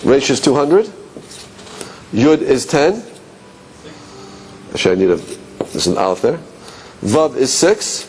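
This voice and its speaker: A man teaching a class, asking rhetorical questions and musing aloud, dropping low and quiet on key points. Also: sing-song, unhurried, long pauses, slight background noise. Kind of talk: classroom lecture.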